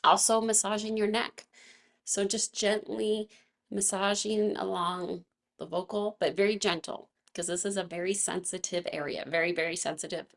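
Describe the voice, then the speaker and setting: A woman of middle pitch teaches a casual online movement class, her voice gravelly with a touch of fry. She sounds a little froggy from vocal fatigue. She talks in a chatty, gentle way and laughs often. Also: fairly even intonation, normal speed.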